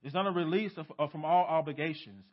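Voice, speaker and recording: A male pastor preaching a sermon in a church, emphatic, asking rhetorical questions and swinging from loud to hushed. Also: on the high side, fast. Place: church sanctuary. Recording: dull lo-fi sermon recording.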